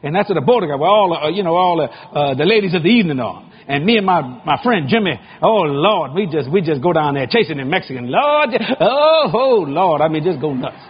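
A man's voice: on the high side, big pitch swings, a little fast, hardly any pauses, slightly rough, muffled recording. An older man preaching a sermon in a folksy, dramatic storytelling way.

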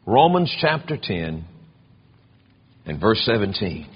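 A man preaching a sermon, telling stories in an animated way with big swings in pitch. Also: takes it slowly, husky. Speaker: pastor. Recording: dull lo-fi sound.

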